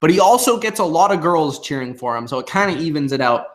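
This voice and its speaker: A young man casually recapping a wrestling show, slowing down to quote the promos he retells. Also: on the high side, lively intonation.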